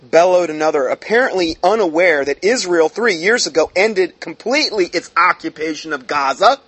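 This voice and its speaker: A man's voice: fairly high pitch, lively intonation, normal speed, a bit bright, slightly rough, dry recording. A man reading a news article aloud and breaking off into heated, sarcastic commentary, with many fillers. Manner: reads aloud then breaks off into heated asides; frequent fillers and restarts, sarcastic mockery.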